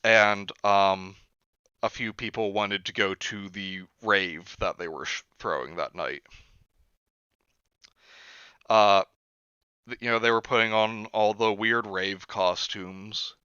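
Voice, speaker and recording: Man host, bright clear voice, dry lo-fi sound. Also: on the low side, slow pace, long pauses, no room sound. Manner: animated storyteller, acts out quotes. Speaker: streamer host. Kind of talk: casual storytelling chat.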